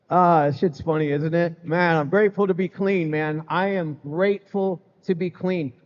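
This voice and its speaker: A man's voice: fairly high pitch, steady tone, a little slow. A middle-aged man sharing his recovery story with a live audience, candid and humorous, talking casually with lots of "man" and "you know". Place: event hall with live audience. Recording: echoey hall, slightly muffled sound.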